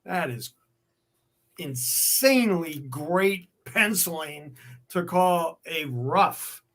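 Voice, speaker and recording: Male dealer, slow unhurried delivery, bright tone, admiring pitch. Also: expressive. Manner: slow, admiring, musing over artwork. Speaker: comic art dealer. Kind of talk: live sales stream chat.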